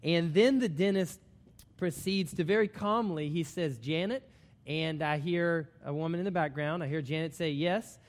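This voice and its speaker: A man preaching a sermon, telling a personal story in an animated storytelling manner. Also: a little high, moderate pace, in a large hall. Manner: storytelling, animated when excited.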